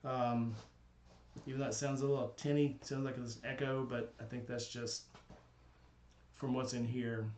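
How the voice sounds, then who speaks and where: A man's voice: mid-range voice, flat delivery, normal speed, pauses often, darkish tone, slight background noise. A man streaming live from a small home studio, chatting casually with viewers and thinking aloud with a slightly hesitant manner. He talks into a desk condenser microphone. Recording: roomy echo from the room.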